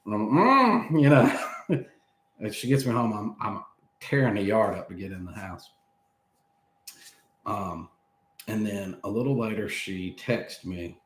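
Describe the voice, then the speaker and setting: A man's voice: fairly low pitch, measured pace, long pauses, reverberant. A man in his thirties telling a long story in casual chat, laughing as he goes and acting out what people said. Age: 30s. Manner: animated, laughing between lines, acts out quoted speech.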